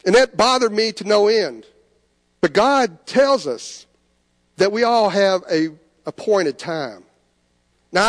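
A man preaching a sermon in a church sanctuary, earnest, moving between soft pleading and lifted emphasis. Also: high-pitched, big-room sound. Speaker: pastor.

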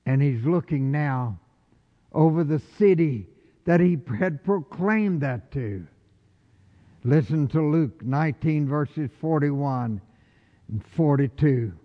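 A man preaching a sermon with passion, rising to loud calls and dropping to hushed lines. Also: on the high side, expressive, slow pace. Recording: dull lo-fi recording with long hall reverb.

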